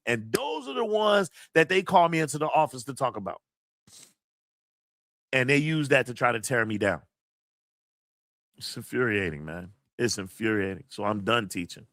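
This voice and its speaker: A man's voice: medium pitch, lively intonation, normal speed, a bit bright, dry recording, studio quality. A man hosting a livestream, reading chat comments and venting emphatically, with plenty of profanity. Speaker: college teacher and livestream host.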